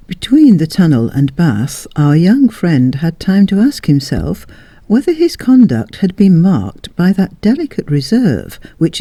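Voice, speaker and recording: Lively, mellow-voiced story narrator. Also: mid-range voice, dry recording. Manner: expressive, dramatic reading. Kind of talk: storybook reading.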